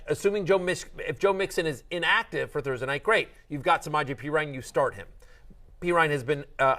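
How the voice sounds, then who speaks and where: A man's voice: on the high side, a bit bright. A middle-aged man hosting a fantasy football show, talking in a chatty, joking way with lots of restarts and asides. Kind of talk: casual sports chat.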